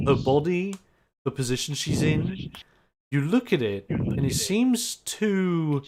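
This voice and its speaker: Lively male game master, noisy line. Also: fairly high pitch. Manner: lively, dramatic scene narration. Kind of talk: narrating a tabletop game.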